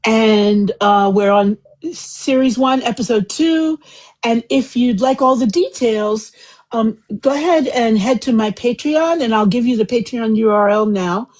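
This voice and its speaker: A woman's voice: fairly high pitch, unhurried, a little mellow, rough recording. A woman hosting a live group discussion, talking casually and at length in a chatty, effusive, rambling way over a home computer mic. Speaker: host of a live book club discussion.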